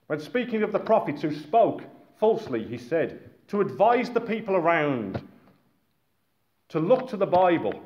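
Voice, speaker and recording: A man preaching a sermon to a gathered congregation, animated and exclaiming, calling his listeners friends. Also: fairly high pitch. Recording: echoey, muffled room recording with faint noise.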